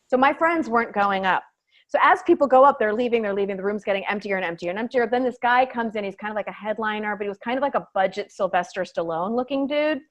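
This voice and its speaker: A woman stand-up comic recounts a story as an interview guest. Her voice sits in a middle pitch. She talks in an animated way, swears and fills her sentences with "like". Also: fast talker, dull audio. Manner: animated, swearing, heavy use of "like".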